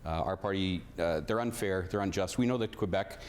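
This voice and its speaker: A man candidate gives blunt, emphatic answers in a very deep voice. A faint hum of noise sits under his speech. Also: a little fast. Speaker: election candidate.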